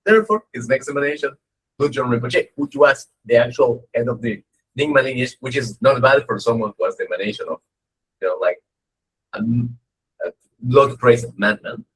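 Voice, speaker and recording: A man's voice: mid-range voice, brisk, breathy edge, rough recording. A man giving a humorous, conversational lecture as a dharma teacher, telling stories and often checking in with "right?". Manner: animated, joking, conversational, frequent "right?".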